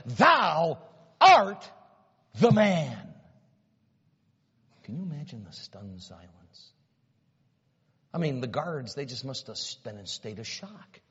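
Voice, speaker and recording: A man preaching a sermon, retelling a story dramatically and swinging from hushed asides to loud, rising exclamations. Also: on the high side, breathy edge. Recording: dull sound with long reverb in a hall.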